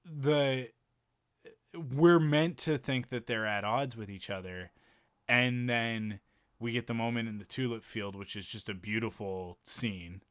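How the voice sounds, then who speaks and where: A man's voice: mid-range voice, unhurried, a bit bright, clean tone, no room sound, clean studio sound. A man co-hosting a podcast, enthusiastically retelling a film scene in casual chat, often restarting his sentences. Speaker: podcast co-host reviewing a film.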